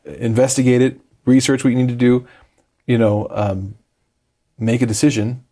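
A man's voice: mid-range voice, flat delivery, warm tone. A man hosting a faith interview program, talking casually with many fillers. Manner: quick, easygoing, with many fillers. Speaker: host.

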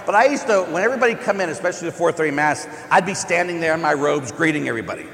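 Animated priest preaching in an echoey church. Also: male voice, sits high, fast talker, gravelly, few pauses. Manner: animated, joking storyteller who acts out quoted people. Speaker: Catholic priest. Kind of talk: conversational homily. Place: large church. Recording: echoey church with long reverb.

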